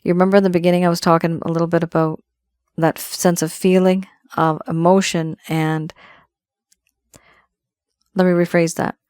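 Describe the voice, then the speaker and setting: A woman's voice: lowish voice, level tone, moderate pace, long pauses, darkish tone, clear, resonant tone, no echo, clean studio sound. A woman reading tarot cards to her viewers, musing and intuitive as she speaks straight to them. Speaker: tarot reader. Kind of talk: solo tarot card reading to camera.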